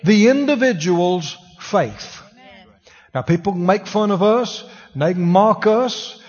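A husky, high-pitched preacher leads a sermon, putting questions to his listeners as he goes. His voice carries a long reverb through a church hall. The recording is dull and lo-fi. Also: sing-song, a little slow, a little mellow, soft background music. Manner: conversational preaching, asks the congregation questions. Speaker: pastor. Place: church sanctuary.

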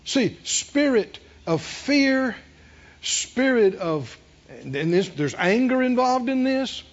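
A man's voice: very high voice, sing-song, takes it slowly, highs cut off. A man preaching a sermon, emphatic and repeating his phrases, with call-and-response to the congregation. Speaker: pastor.

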